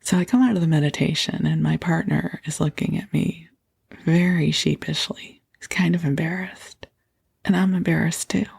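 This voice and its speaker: A middle-aged woman hosting a podcast, gently telling a personal story at bedtime, with soft laughs and passages that drop into a whisper. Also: low voice, fairly even intonation, moderate pace. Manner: gentle and breathy, laughs softly, slips into whispers. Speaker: podcast host.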